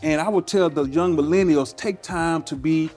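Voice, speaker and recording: Guy with a higherish voice, earnest and thoughtful podcast guest, bit of music in the back. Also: a little mellow. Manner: earnest, measured, often ends points with "right?". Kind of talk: reflective interview talk.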